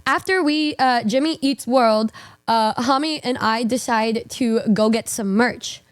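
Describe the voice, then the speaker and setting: A young woman streamer telling a casual story, animated, swearing and laughing through it. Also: fairly high pitch, measured pace.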